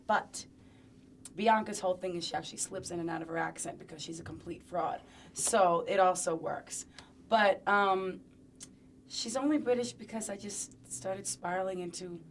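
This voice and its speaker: A playful young woman talks through a sit-down interview in a lowish voice. She is chatty and pokes fun at herself as she goes. A faint noise sits behind her. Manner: playful, chatty, self-mocking. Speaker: interviewee, singer.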